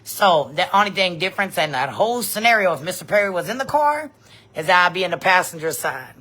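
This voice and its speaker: A woman, telling a story in a blunt, profane, animated vlog rant. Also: lowish voice, fairly quick. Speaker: vlogger.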